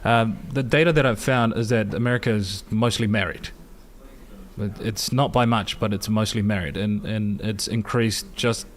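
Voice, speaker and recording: A male panelist on a casual podcast, making measured arguments with frequent restarts. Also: lowish voice. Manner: measured, builds arguments from data with many restarts.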